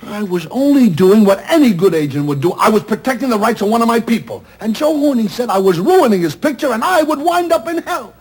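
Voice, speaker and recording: An actor playing a middle-aged theatrical agent, loud, sardonic and self-pitying, in a 1970s TV drama. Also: male voice, extremely high pitch, expressive, fairly quick, hardly any pauses, breathy edge, heavily acted. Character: loud, bitter, wisecracking male theatrical agent. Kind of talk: 1970s television drama acting.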